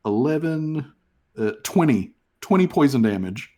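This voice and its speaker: Unhurried male game master. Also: medium pitch, big pitch swings, warm tone. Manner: laid-back, many fillers and restarts. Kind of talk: narrating a tabletop game.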